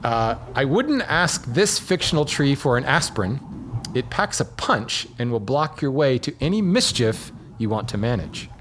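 A man from Hawaii hosts a casual podcast quiz, reading tree riddles in an animated, playful way with a voice that swoops up and down. A clear hiss of background noise sits under the whole recording. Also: mid-range voice, moderate pace. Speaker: podcast host running a tree trivia quiz.

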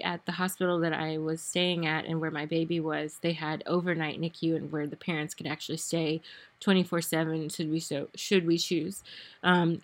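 Emotional woman podcaster with a low voice. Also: fairly bright tone. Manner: rambling, many fillers and restarts; emotional, voice wavering. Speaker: podcast host. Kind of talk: personal storytelling.

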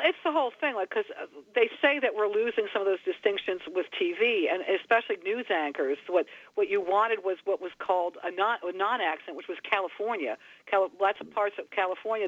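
A man, a radio guest, talking in a halting, lively way and correcting himself. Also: high voice, dry recording. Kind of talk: casual radio conversation. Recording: thin phone-like radio line.

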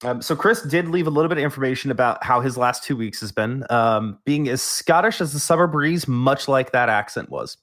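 A man's voice: mid-range voice, expressive, fairly quick, few pauses, fairly bright tone. A man hosting a gaming podcast in a laid-back, joking way. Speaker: podcast host. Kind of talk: casual podcast chat.

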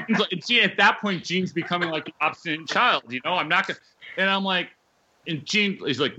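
A man's voice: sits high, fairly quick, sharp tone, highs cut off, a little hiss or hum. A man guesting on a podcast, a former magazine editor and band manager, telling stories bluntly and emphatically with many restarts. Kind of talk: casual storytelling chat.

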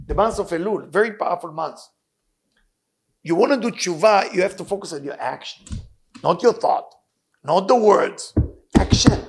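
Sermon voice: gravelly, husky man, fairly high, earnest and emphatic, English. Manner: non-native English with Hebrew phrases, earnest and emphatic. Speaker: rabbi teaching.

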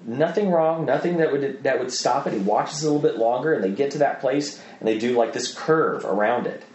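A man speaking as a guest in a conversational interview, an animated storyteller who acts out the voices of people in his stories. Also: mid-range voice, a little fast, roomy sound. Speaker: guest, missionary trainer.

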